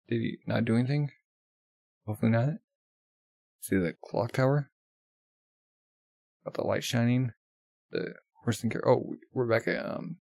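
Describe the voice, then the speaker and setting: A man's voice: on the low side, vocal fry, darkish tone, no room sound. A man casually commenting while reading a manga, rambling with many fillers. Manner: rambling, full of "like" and laughs. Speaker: manga reaction vlogger.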